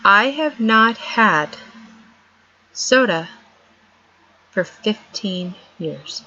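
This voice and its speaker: A woman's voice: mid-range voice, lively intonation, extremely slow, bright, forceful tone. A middle-aged woman vlogger giving an earnest, emphatic motivational talk, repeating her points for stress. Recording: dull lo-fi sound.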